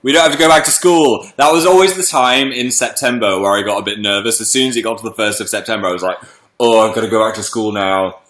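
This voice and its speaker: A man's voice: mid-range voice, quick pace, hardly any pauses, fairly bright tone, reverberant. A young man casually chatting on a livestream, greeting viewers by name, a little congested from a cold. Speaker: livestream host.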